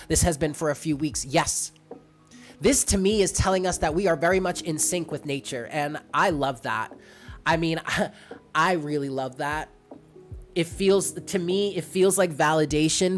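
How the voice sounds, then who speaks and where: A woman tarot reader in a casual live stream, chatting and rambling as she answers viewers by name. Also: sits low. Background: faint lo-fi music.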